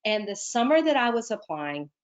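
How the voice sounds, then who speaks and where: A woman's voice: on the high side, sing-song, moderate pace. A woman, an admissions advisor, telling a personal story in an earnest, emphatic way and then giving application advice. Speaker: medical school admissions advisor.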